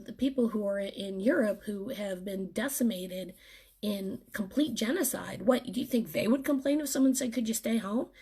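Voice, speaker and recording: Woman, host of a live video chat; husky, somewhat high voice, teary and earnest. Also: darkish tone. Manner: earnest pep talk to followers. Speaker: vlogger.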